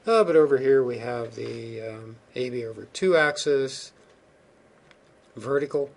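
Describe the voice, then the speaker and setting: A man's voice: mid-range voice, unhurried, vocal fry. A man giving a recorded geophysics lecture over slides, informal and thinking aloud, with many ums and restarts.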